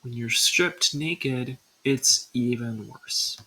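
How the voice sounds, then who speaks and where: Husky, bright-voiced woman narrating a countdown. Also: very deep voice, extremely slow, low-quality recording. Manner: casual, dry asides. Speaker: video creator. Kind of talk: scripted ranking narration.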